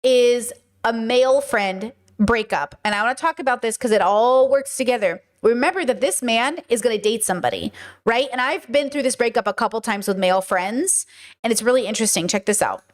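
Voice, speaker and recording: A woman with a slightly high voice talks through a clip on her stream. She muses out loud and puts questions to her chat and to herself in a loose, casual way. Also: fairly quick. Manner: thinks aloud, asks chat and herself questions. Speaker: streamer reacting to a video. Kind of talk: casual live-stream commentary.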